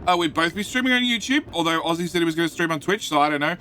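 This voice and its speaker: A man talks through a live game stream in a high, bright, forceful voice, shouting greetings and joking with his viewers. He stammers and repeats himself as he goes. Faint music plays behind him. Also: animated, racing.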